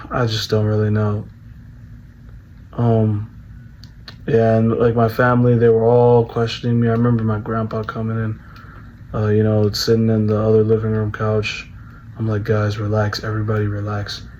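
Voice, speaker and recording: Rambling through a personal story, this young vlogger keeps restarting, repeating himself and leaning on "bro" and "like." He speaks on the low side with a somewhat mellow tone, and the recording is muffled with a bit of hiss or hum.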